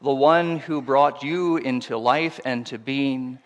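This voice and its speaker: A male pastor delivers a sermon in an unhurried, conversational way, pausing on rhetorical questions. His mid-range voice carries a long reverb from the church hall around him. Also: medium pitch. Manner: conversational preaching with rhetorical asides and emphasis.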